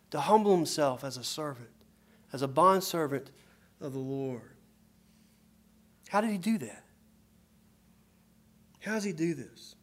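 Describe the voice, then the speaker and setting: A man preaching a sermon, moving between hushed storytelling and loud, emphatic passages as he quotes scripture. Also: on the high side.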